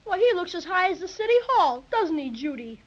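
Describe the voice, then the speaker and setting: A woman's voice: extremely high pitch, fairly quick. An eager plucky boy. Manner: excited, exclaiming. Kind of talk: 1930s radio drama acting. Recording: dull lo-fi old radio recording.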